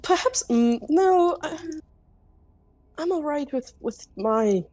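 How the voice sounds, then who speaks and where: A woman's voice: high voice, expressive, slow pace, a little mellow, dry recording, voice pushed up. A woman playing a prim, formal young scholar. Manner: formal, polite and slightly prim. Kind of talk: playing a character in a tabletop game.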